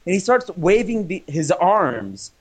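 A man's voice: high voice, very animated, measured pace, slightly rough. A man with a slightly raised voice tells a story in loose, rambling chat. He fills gaps with "uh" and restarts his sentences, chuckling now and then. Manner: chuckles while talking. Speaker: comic artist telling a travel story. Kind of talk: casual podcast chat.

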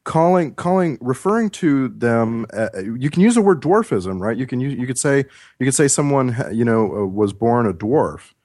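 Cohost guy, chatty and animated, dry close mic. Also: medium pitch, moderate pace, dry recording. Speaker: podcast co-host. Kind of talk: casual chat.

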